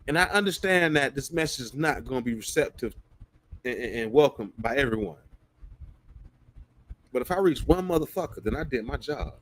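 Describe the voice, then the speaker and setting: A man's voice: medium pitch, expressive, normal speed, long pauses. A man ranting bluntly on his livestream, profane and emphatic.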